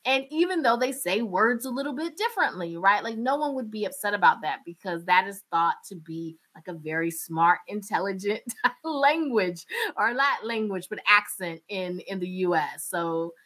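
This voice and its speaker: A radio journalist from North Carolina, with a North Carolina Southern accent, talking candidly and animatedly in an interview, often laughing. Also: female voice, mid-range voice, lively intonation, normal speed, bright, forceful tone. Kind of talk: interview conversation.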